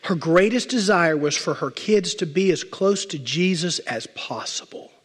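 A male pastor preaching a sermon, emphatic, stacking repeated phrases and slowing down to stress key words. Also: sits high, lively intonation, husky. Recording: long reverb of a large hall.

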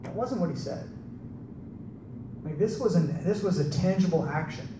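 A man preaching a conversational sermon to a live audience, telling the story in an animated way and tossing in rhetorical questions. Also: a little high, normal speed, noisy background. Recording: echoey room, distant mic, faint ambience.

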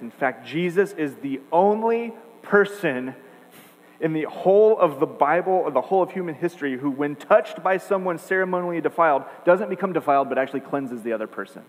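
Man preaching in an echoey hall. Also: fairly high pitch. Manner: earnest, emphatic preaching with repeated phrases. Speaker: pastor. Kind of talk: sermon. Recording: echoey hall, faint hum.

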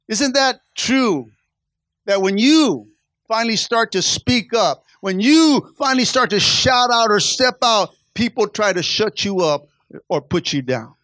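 A man preaching a sermon in church, call-and-response style, who repeats stock rallying phrases and builds to shouting. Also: high voice, dry recording. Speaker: pastor.

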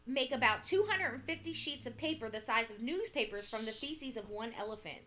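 A woman's voice: on the high side, animated, fairly quick, sharp tone. A woman co-hosting a casual podcast chat, reading an article aloud and breaking off with dry asides.

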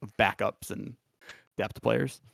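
A man's voice: fairly low pitch, steady tone, takes it slowly, vocal fry, a bit bright, slightly rough, no room sound, studio quality. A man co-hosting a sports podcast, chatting casually, rambling and laughing at his own asides. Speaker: podcast co-host.

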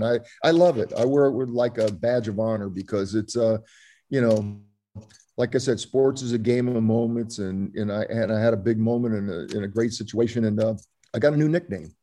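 A man's voice: on the low side, a little fast, dark tone. An older man from Florida, a former ballplayer telling stories in an interview, rambling with many fillers and restarts. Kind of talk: storytelling interview.

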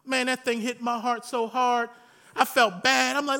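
A man, a pastor, preaching a sermon in an animated, folksy way, telling stories with humor and rising to shouts. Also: very high voice, normal speed.

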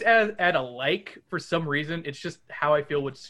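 This podcast host, whose voice sits on the high side, reads a kids' adventure book at a moderate pace. He brings the characters to life with different voices and adds spirited asides.

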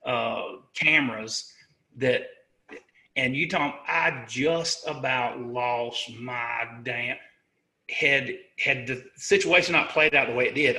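A middle-aged man from the United States, a sergeant being interviewed, telling a personal war story in an earnest, halting way, often restarting and correcting himself. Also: medium pitch, sharp tone. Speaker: interview guest, army sergeant.

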